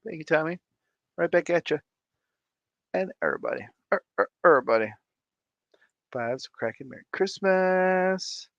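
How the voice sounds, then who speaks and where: A man's voice: on the high side, lively intonation, moderate pace, pauses often, a bit bright, no room sound, muffled recording. A man in his thirties hosting a casual live stream, playful and sing-song as he greets viewers by name, sounding tired. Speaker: livestream host.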